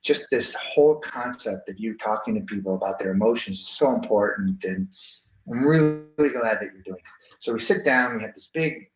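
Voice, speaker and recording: A man being interviewed as a guest author, telling a story in a lively, conversational way and acting out the people he quotes. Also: on the low side, a little fast, recorded from a distance. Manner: animated, acts out quoted people. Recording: roomy, dull lo-fi audio.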